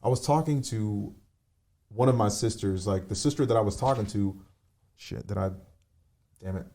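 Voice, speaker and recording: A man on a remote call telling a painful personal story, halting, with many fillers and restarts. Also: fairly low pitch, dark tone. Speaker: podcast guest.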